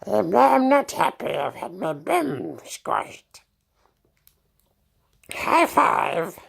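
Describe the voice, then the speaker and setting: Smeagol, creaky and high. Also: male voice, big pitch swings, a bit bright, exaggerated voice. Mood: sulky. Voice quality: creaky, gravelly put-on voice. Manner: slow, whiny, childlike complaining. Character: creepy wheedling male cave creature, small and gaunt.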